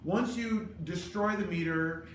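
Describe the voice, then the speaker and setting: Guy teaching conducting, high lively voice, echoey room, mic far off and noisy. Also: measured pace. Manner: animated, joking, demonstrates by counting and singing. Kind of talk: classroom instruction. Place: cold rehearsal room.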